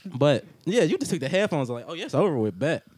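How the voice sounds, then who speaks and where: A man's voice: on the high side, sing-song, fast, a little mellow, husky, no echo. A man hosting a podcast in casual, crude banter, teasing his guests and laughing often. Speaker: podcast host.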